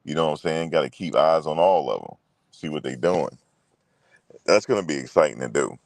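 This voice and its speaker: Rumbling low and darkish in tone, with vocal fry, this host talks briskly and expressively with no echo. He runs a casual sports chat in a loose, profane way, repeating himself and speaking directly to viewers.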